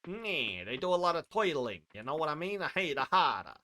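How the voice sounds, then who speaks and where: A man's voice: on the high side, sing-song, a little fast, bright, forceful tone, voice pushed up. A man voicing a cocky streetwise gangster in a put-on American gangster accent, with drawling, playful tough-guy talk. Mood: swaggering. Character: cocky male mobster type, streetwise and swaggering.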